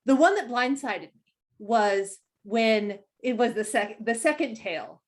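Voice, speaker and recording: A woman game producer chatting on a virtual panel, animated and full of restarts, heard over a video call. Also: on the high side, a little slow. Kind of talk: casual panel chat.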